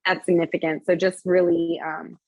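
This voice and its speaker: A woman's voice: lowish voice, level tone, moderate pace, dry recording, low-quality recording. A young woman co-hosting a casual podcast chat, laughing often and swearing casually as she tells stories. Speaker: podcast co-host.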